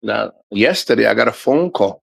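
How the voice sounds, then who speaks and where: A man's voice: fairly low pitch, lively intonation, normal speed, vocal fry, low-quality recording. Rambling, candid middle-aged man. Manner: candid, rambling, swears often. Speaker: livestream host. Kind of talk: casual livestream monologue.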